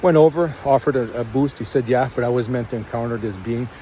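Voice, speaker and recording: A man's voice: medium pitch, fairly even intonation, quick pace, mellow, slight background noise, poor audio. Earnest rambling man telling his story. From Canada. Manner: rambling, earnest, acts out quotes. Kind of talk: casual personal storytelling.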